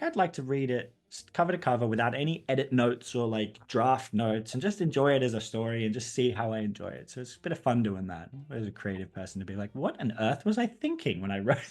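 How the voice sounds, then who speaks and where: A man from England, a guest in a casual interview, talking in an animated way and laughing often. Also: mid-range voice.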